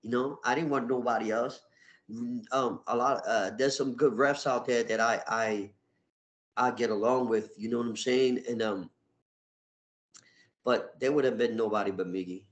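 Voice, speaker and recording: A middle-aged man, a wrestler, telling stories in a casual interview, animated and full of swearing. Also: medium pitch, moderate pace. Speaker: wrestler guest. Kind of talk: casual storytelling.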